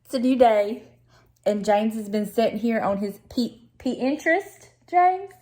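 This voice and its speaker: A woman's voice: fairly high pitch, unhurried, a little mellow. Chatty Southern woman vlogging at home. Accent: Southern American. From Southern United States. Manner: chatty and teasing, laughs often. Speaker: lifestyle vlogger. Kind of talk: casual chat to camera.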